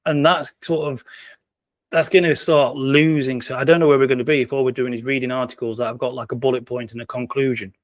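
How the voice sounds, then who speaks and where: A man's voice: mid-range voice, steady tone, fast talker, no room sound. A British man from the UK, a guest in a casual interview, who rambles and repeats his words as he talks. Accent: British English.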